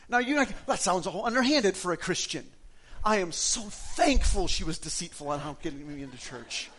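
A man from Wisconsin delivers a sermon built around his own testimony. His voice sits a little high for a man. He swings from loud, lifted passages down to hushed, quiet ones. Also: breathy edge. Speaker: pastor giving his testimony.

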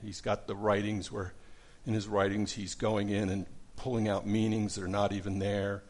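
A man's voice: on the low side, flat delivery, moderate pace. A middle-aged man teaching a casual Bible study lesson, conversational, with many fillers and restarts.

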